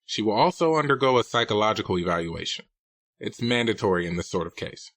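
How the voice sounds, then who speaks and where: A man's voice: on the low side, expressive, fast, a bit bright, dry recording. A man reading a novel aloud, voicing a hospital doctor who reports plainly on a patient. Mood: clinical. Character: matter-of-fact male hospital doctor.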